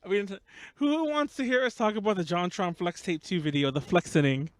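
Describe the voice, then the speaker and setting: A young man with a Los Angeles accent hosts a casual podcast chat, his voice pitched high and recorded dry and close. He rambles fast, trips over his words and restarts often. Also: big pitch swings, clean tone, dry recording. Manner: rapid, rambling, many restarts. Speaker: podcast host.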